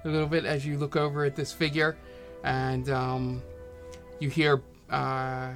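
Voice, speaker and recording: A man narrating as game master in a tabletop game, talking haltingly with many fillers. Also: mid-range voice, flat delivery, a bit bright, faint music behind.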